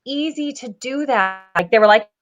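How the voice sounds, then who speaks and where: A woman's voice: a little high, fairly bright tone. A woman hosting a podcast who chats casually, agrees readily and laughs often. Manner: chatty, quick to laugh and agree. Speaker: podcast host. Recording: dull lo-fi audio.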